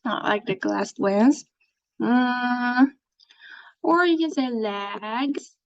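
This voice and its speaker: Woman running an english lesson, talks real slow, patient n encouraging, dull recording. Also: a little high. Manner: slow, clear and encouraging, as if to young learners. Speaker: teacher. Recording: dull lo-fi sound.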